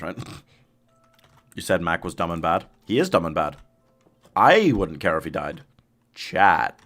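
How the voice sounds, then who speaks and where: This man, low-pitched with a slightly bright tone, is live-streaming a game from home. He banters easily with chat, laughs frequently and lets out yelps when threats appear.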